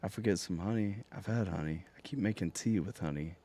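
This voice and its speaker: A man hosting a live music reaction stream, hoarse and nearly voiceless, chatting casually with his viewers and reading out their messages. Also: low voice, brisk, mellow. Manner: chatty, talks straight to viewers, reading out chat.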